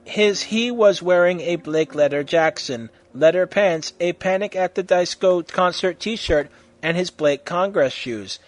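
A man's voice: high voice, a little slow, dry recording. Man giving a mock-serious story reading. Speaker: reader.

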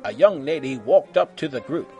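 A man reading a humorous story aloud in an animated way, slipping into silly character voices. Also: medium pitch, normal speed, over music. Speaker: fan fiction reader.

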